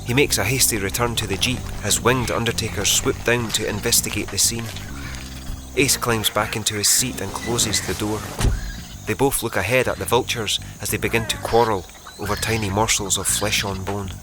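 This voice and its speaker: A man reading a novel aloud as narrator in a measured, vivid storytelling manner. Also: fairly low pitch, fairly even intonation, noisy background. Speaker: audiobook narrator. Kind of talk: scripted narration.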